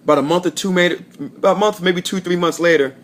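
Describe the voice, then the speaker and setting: Talking fast in a high voice, a Florida man vlogs casually to camera with a rambling, profane story. He keeps correcting himself as he goes.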